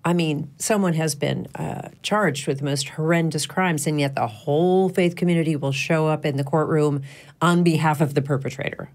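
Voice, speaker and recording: A woman panel guest with a low, gravelly voice speaks in a casual discussion. Her sentences trail off into soft fillers. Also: moderate pace.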